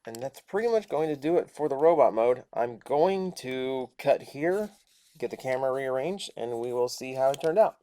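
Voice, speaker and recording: A man's voice: mid-range voice, animated, normal speed, mellow. Chatty man reviewing a toy. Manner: chatty, thinking aloud while handling the toy. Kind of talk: casual toy review while transforming a figure.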